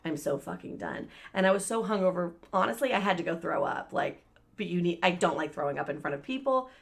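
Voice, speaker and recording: Her voice fairly low and creaky, a woman co-hosting a podcast talks fairly quickly through a long, casual story. She curses heavily and animatedly performs the voices of the people she's quoting.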